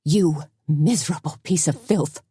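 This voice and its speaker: A woman voicing a fierce female café owner on horseback, shouting in fury in an audiobook. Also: deep voice, unhurried, breathy edge, no room sound, exaggerated voice. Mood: furious. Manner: shouting, furious. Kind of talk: audiobook character voice.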